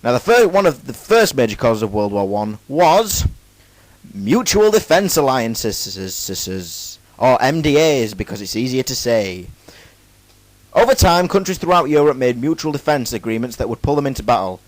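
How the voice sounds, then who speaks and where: A young man talks through a school presentation in a relaxed, joking way and keeps cracking self-mocking asides between the facts. The recording is dry and close, with almost no room sound. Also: mid-range voice, a little fast, no echo, poor audio. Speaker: student presenter. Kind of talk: casual jokey school presentation.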